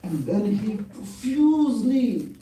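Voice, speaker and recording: A man telling a devotional story in a temple talk, animated and acting out the scenes. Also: high-pitched, slow, a little hiss or hum. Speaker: temple speaker. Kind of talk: sermon storytelling. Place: temple hall. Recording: roomy hall from far off.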